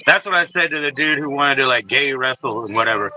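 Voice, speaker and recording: A man's voice: mid-range voice, expressive, quick pace, noisy background. A man hosting a casual livestream, talking loosely and profanely to viewers by name and rambling with lots of asides. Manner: loose and profane, talks straight to chatters by name; rambling, many fillers and asides. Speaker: livestream host.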